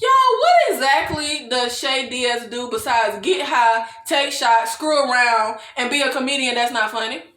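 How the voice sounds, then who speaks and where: A young woman giving a comedic TV recap, animated and quick to laugh. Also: high voice, reverberant. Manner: animated, laughs often, mock-quotes characters in exaggerated voices. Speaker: TV recap vlogger.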